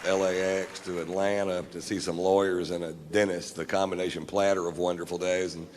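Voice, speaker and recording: Low-voiced man telling stand-up stories. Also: flat delivery, brisk. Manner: profane, laughs at his own lines. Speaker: stand-up comedian. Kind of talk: stand-up storytelling. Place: live comedy stage. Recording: reverberant live stage with faint background noise.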